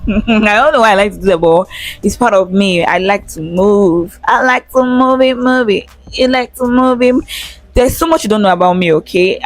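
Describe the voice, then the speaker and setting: A young Nigerian woman vlogging in a casual, frank, chatty way, swearing freely and laughing often, speaking into a handheld phone with a small mic. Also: lowish voice. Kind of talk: casual chat to camera. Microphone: phone held in hand with small attached mic.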